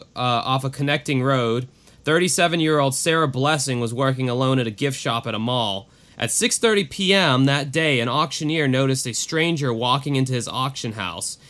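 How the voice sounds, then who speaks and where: Man, podcast host, bright forceful voice, casual, swears freely, true-crime chat. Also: medium pitch. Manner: casual and profane, lively asides.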